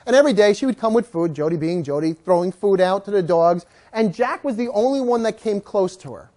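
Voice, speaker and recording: A man teaching a dog-training class, telling stories with lively, acted-out voices. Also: sits high, brisk. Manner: animated, acts out quoted voices. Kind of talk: storytelling lecture to a class.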